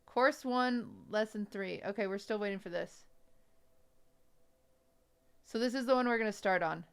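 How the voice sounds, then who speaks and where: A woman's voice: medium pitch, moderate pace, smooth. A woman hosting a casual livestream, chatting with her viewers and thinking aloud as she clicks through an app lesson, on a desk microphone. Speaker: livestream host.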